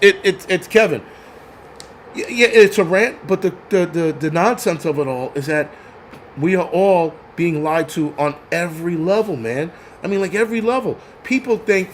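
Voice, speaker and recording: High-voiced man ranting profanely. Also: a little hiss or hum. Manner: profane, heated ranting with stammered restarts. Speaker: channel host. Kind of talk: live-streamed rant.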